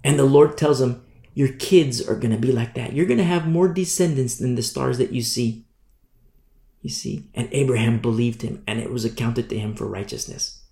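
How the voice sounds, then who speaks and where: A man preaching a Bible study, emphatic, often asking "you see?" and swinging from loud bursts to quiet asides. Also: medium pitch, animated, normal speed, vocal fry. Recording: roomy echo.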